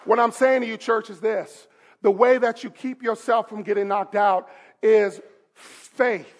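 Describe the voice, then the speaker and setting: A male pastor preaching a sermon in a church service, emphatic and rising to shouts with call-and-response. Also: sits high, steady tone, a little slow.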